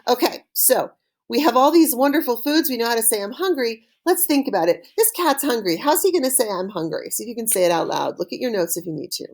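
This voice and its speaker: A woman teaches French vocabulary to students watching a recording, her pitch lively and rising and falling. She says each word slowly, leaves room for the class to repeat it, and praises them cheerfully. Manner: slow call-and-repeat drilling with cheerful praise. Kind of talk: recorded online language lesson.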